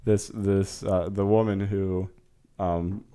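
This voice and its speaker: A man's voice: sits low, level tone, slow, mellow, clean tone. A young man co-hosting a casual podcast, telling stories in a rambling way. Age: young adult. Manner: rambling storyteller, restarts and fillers. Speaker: podcast co-host. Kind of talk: casual chat.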